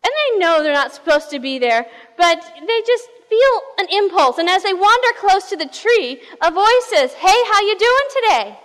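High-voiced woman pastor preaching. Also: normal speed, hardly any pauses. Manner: animated storytelling, shifting pace and volume. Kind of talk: sermon. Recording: reverberant hall.

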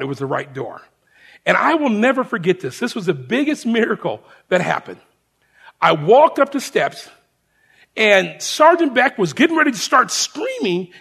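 A man's voice: high-pitched, vocal fry, slightly rough. A man preaching, telling a personal story to his congregation as a sermon. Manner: animated storyteller addressing a congregation.

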